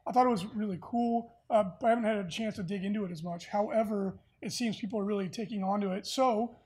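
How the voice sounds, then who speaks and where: A podcast host runs through the latest tabletop gaming news at a fast clip, relaxed and chatty, leaning heavily on filler words. His voice is high-pitched yet darkish in tone, with a slight roughness.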